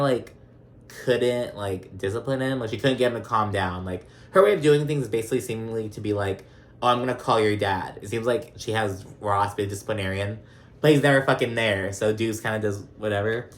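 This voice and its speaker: A young man hosting a casual reality TV recap vlog. He talks in a chatty, profane way and keeps slipping into mocking voices of the cast. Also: lowish voice.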